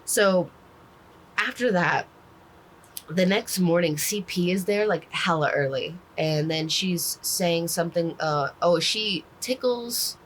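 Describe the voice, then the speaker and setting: A woman's voice: on the low side, takes it slowly, slight background noise, low-quality recording. A woman casually recapping a book, rambling with lots of "like" fillers and the odd swear word. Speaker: book reviewer.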